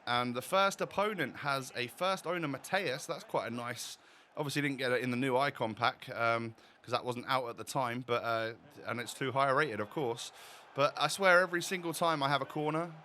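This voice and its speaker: A man's voice: medium pitch, normal speed, bright, forceful tone, slight background noise. A man giving casual, rambling commentary while opening packs in a football video game, chatting straight to his viewers. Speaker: gaming YouTuber.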